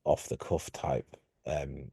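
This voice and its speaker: A man, co-hosting a podcast in relaxed, hesitant casual chat. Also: a bass voice, slow, gravelly, husky, dry recording, studio quality. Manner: relaxed, hesitant, many fillers. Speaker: podcast co-host.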